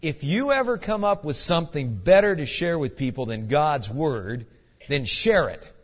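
A man's voice: a little high, big pitch swings, normal speed. A man voicing a blunt, no-nonsense older pastor who was a Marine drill sergeant, curt and barking. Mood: firm. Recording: dull echoey church hall recording.

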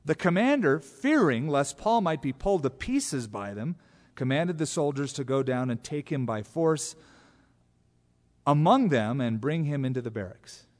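A pastor preaching an expository sermon, animated, acting out quotes from scripture in different voices. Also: male voice, fairly high pitch, moderate pace. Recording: long hall reverb.

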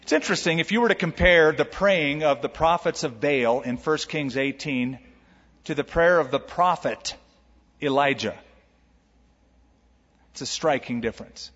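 A male pastor delivers a sermon with emphatic, humorous energy in a fairly high voice. The recording is dull and lo-fi, with the long reverb of a large church hall. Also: normal speed, long pauses, a bit bright.

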